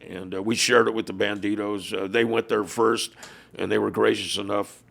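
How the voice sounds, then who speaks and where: A man's voice: lowish voice, little pitch movement, normal speed, a bit bright. An older man, a former biker club leader, telling stories in an interview and acting out what people said. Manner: gravelly, acts out quoted dialogue. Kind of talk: storytelling in a podcast interview.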